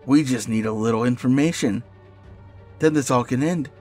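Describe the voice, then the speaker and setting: A man voicing a cruel, condescending male captor who taunts slowly over faint music. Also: mid-range voice, darkish tone, natural voice. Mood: taunting. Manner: slow, drawn-out taunting.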